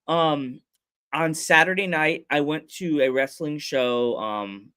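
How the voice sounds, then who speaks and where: A man's voice: fairly high pitch, takes it slowly, clear, resonant tone. A man hosting a casual podcast, telling rambling stories with lots of restarts and laughter. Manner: animated storyteller, acts out scenes with funny voices and sound effects. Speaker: podcast host. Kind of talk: casual chat.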